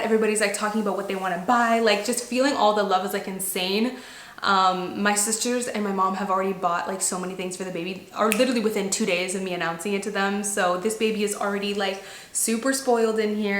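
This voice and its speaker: A woman in her twenties telling a story to camera in a chatty, animated way, full of "like". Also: mid-range voice, quick pace. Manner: chatty, animated, heavy use of "like". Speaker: lifestyle vlogger. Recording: echoey room.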